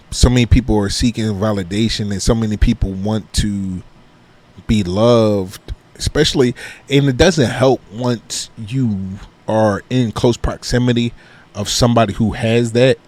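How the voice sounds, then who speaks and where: A man's voice: lowish voice, a little mellow. A man from Philadelphia, a comedian guest on a podcast, chatting casually and animatedly, swearing and saying "you know what I mean" a lot. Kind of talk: casual chat.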